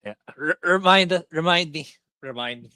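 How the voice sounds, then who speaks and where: A man's voice: fairly high pitch, moderate pace, pushed and bright, clear, resonant tone, no room sound. A man co-hosting a podcast in casual chat, chiming in with short remarks. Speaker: podcast co-host.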